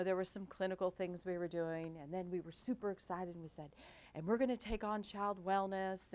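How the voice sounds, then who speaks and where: A woman's voice: lowish voice, clear, resonant tone. A middle-aged woman, a hospital executive, giving a talk and telling workplace stories with humor, acting out the voices she quotes. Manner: animated, acts out quoted voices, self-deprecating humor. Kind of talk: storytelling business talk. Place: lecture event.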